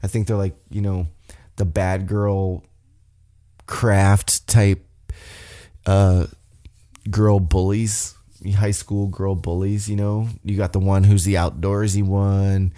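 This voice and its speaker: A young man hosting a podcast, recapping a wrestling show in a rambling, excitable way and swearing freely. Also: low-pitched, slow pace. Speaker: podcast host.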